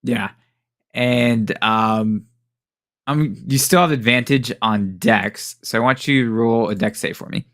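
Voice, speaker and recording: A man's voice: mid-range voice, a little slow, fairly bright tone, no room sound, clean studio sound. A man running a tabletop game as game master, narrating casually with many fillers and chuckles.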